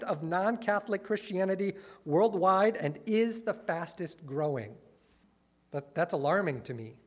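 Man, earnest lecturer, mid-high voice, wry asides. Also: moderate pace. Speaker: speaker critiquing a church movement. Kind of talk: lecture-style talk, reading quotes.

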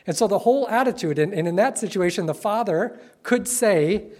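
A man delivers a sermon to a congregation in a church. He tells stories in an easy, conversational way, then slows right down to stress his key words. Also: high voice, lively intonation, a little mellow. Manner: conversational, playful storytelling with sudden slow emphatic phrases. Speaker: pastor.

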